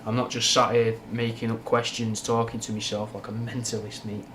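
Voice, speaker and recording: The speaker is a young livestream host from Manchester, England, chatting casually and rambling frankly through viewers' questions with slang and swearing. He has a Mancunian accent with a slight Scouse twang and a mid-range, somewhat bright voice in a level tone, talking fairly quickly over a little hiss or hum.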